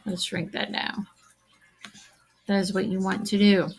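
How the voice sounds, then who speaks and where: A woman teacher talks slowly through a recorded math lesson, her voice carrying a gravelly rasp. She counts items aloud and keeps asking her students questions to check they are following. It has the feel of a screen-recorded classroom video. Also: mid-range voice, flat delivery, low-quality recording.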